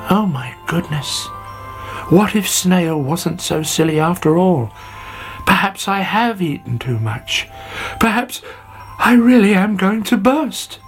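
A storyteller voicing a greedy, excitable young caterpillar in a storybook, with a high squeaky voice. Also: takes it slowly, faint music behind. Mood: panicked. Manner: squeaky, shrill cries. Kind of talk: storybook character voice.

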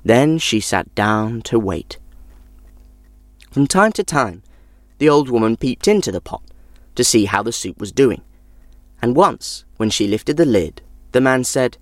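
A storyteller reading a folk tale aloud in an expressive manner. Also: medium pitch, a little slow, pauses often, no echo, studio quality. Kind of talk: children's story narration.

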